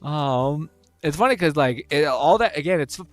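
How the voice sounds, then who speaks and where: A man's voice: on the high side, animated, moderate pace. A young man streaming, rambling and swearing casually while reading chat, laughing often.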